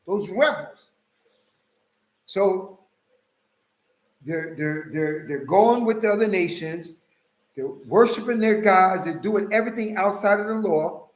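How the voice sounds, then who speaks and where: Man, high voice, heated religious rant, loud bursts and mutters, roomy echo. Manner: heated, swings between loud outbursts and mutters. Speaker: religious commentator. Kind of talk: impassioned casual monologue.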